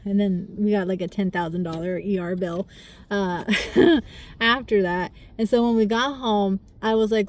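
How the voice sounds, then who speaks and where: A woman's voice: medium pitch, steady tone, measured pace. A young adult woman telling a personal story to the camera, candid and rambling, with small laughs through the hard parts. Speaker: vlogger. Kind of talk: casual storytime.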